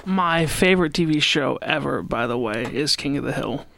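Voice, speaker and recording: Quiet young man, mildly high pitch, low-key conversational podcast guest. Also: expressive, moderate pace, gravelly, slight background noise. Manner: soft-spoken, quiet. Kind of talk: casual chat.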